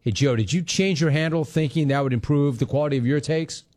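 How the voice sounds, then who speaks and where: Sports talk host, male, sarcastic and mocking, higher voice, quick to laugh. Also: darkish tone.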